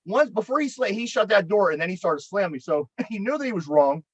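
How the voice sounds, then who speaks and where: A man's voice: high voice, animated, quick pace, husky, no room sound, muffled recording. A man with a Pittsburgh accent, co-hosting a podcast and telling a long story in a rambling, profane way, often repeating his words. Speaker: podcast co-host. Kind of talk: casual storytelling chat.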